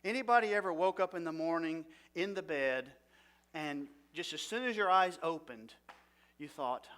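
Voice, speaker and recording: A man's voice: fairly high pitch, normal speed, a bit bright. Man teaching a seminary class. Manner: conversational, asks the audience questions. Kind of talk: seminary lecture.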